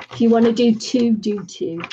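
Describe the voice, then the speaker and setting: A woman's voice: on the high side, mellow, highs cut off, slight background noise. A woman from New Zealand hosting a casual craft livestream chat, chatty and laughing often. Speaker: livestream host.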